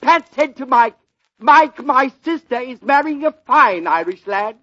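A man's voice: very high-pitched, animated, a little slow, pushed and bright, dry recording, full character voice. An actor playing a pompous male comedian who tells stale puns, in 1940s radio comedy acting. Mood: smug. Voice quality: pompous, punning delivery. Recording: dull old radio broadcast with hiss.

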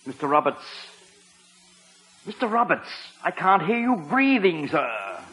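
A man's voice: on the high side, big pitch swings, a little slow, pushed and bright, heavily acted, rough recording. A man with an English accent playing a wry butler who stammers when flustered and drops dry wisecracks. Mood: deferential.

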